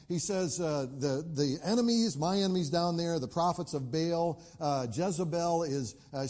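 A man's voice: a little high, mellow. A man preaching a sermon, retelling a Bible story with many fillers and acted-out dialogue. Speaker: pastor.

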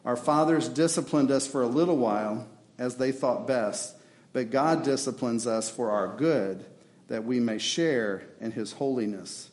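A man's voice: medium pitch, a little slow, darkish tone, echoey room. A man preaching a sermon as pastor, impassioned, acting out prayers and answers to the congregation. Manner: impassioned preaching, acts out prayers and God's replies. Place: church.

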